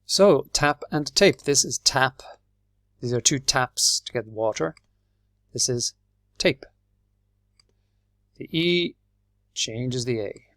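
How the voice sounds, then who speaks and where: A man with an Irish accent teaching English, explaining patiently and clearly and spelling words out letter by letter. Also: medium pitch, expressive, takes it slowly, long pauses, a bit bright, dry recording, studio quality. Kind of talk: slow, clear classroom explanation.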